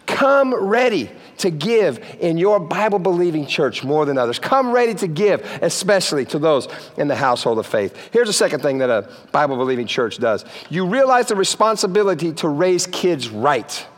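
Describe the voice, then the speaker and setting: High-voiced playful preacher man. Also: big pitch swings, moderate pace, few pauses, in a large hall. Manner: playful, checks in with the crowd often. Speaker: pastor. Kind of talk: sermon. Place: church sanctuary.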